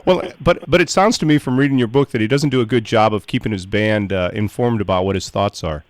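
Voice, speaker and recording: A man's voice: on the low side, fast talker, no room sound. A male radio show host in a casual interview, stammering and repeating words, often laughing.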